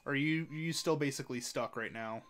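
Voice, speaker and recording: A man hosting a live racing game stream, chatty and excitable, talking to chat and to his cat at home. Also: brisk. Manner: excitable, chatty, bursts into high-pitched baby talk with his cat. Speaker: livestream host. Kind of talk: live gameplay commentary.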